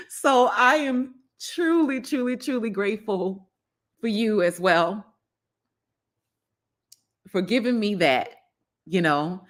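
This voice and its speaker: A woman with a Southern US accent hosting a casual gardening livestream, warm and effusive, repeating her thanks. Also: medium pitch, animated, takes it slowly, pauses often. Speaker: gardening channel host.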